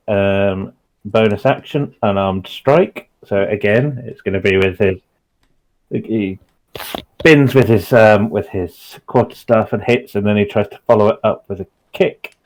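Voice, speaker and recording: Casting: male player, lowish voice, thinks aloud, stop-start as he narrates his character's moves. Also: a little mellow. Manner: halting, thinks aloud with many ums. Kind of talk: describing his character's actions in a tabletop game.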